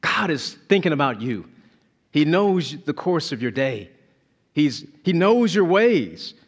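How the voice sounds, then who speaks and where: A man preaching a sermon as pastor, emphatic and animated, repeating key phrases. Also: fairly high pitch, slow pace.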